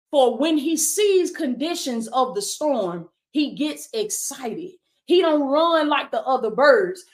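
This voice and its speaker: A woman with a high-pitched voice preaches with rising fervor in a Black church cadence. She drives each point home with repeated calls of "come on now" and "baby," speaking straight to her livestream audience. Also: fairly bright tone. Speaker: life coach and preacher.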